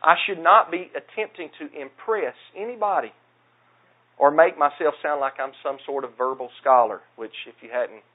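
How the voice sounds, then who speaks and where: Earnest Southern preacher, tinny sound. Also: male voice, a little high, normal speed. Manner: earnest, plain-spoken, self-deprecating. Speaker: pastor. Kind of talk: sermon.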